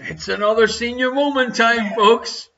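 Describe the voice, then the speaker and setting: A man's voice: very high voice, moderate pace, vocal fry, fairly bright tone, lo-fi sound. A man hosting a streamed quiz, joking and chuckling between questions. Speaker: quiz host. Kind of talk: live-streamed quiz chat.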